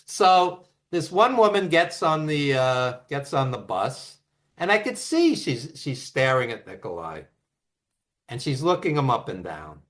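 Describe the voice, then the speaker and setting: A man telling road stories as the guest of an interview, animated and quick to act out quotes. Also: mid-range voice. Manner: animated anecdotes with acted quotes and laughs. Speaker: author and wrestling writer, guest. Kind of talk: casual storytelling interview.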